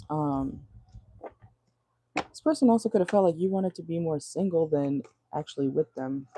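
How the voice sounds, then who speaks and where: A woman's voice: sits low, mellow, dry recording. A woman giving a casual tarot reading from her car, chatty and blunt, laughing often and swearing freely. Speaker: tarot reader.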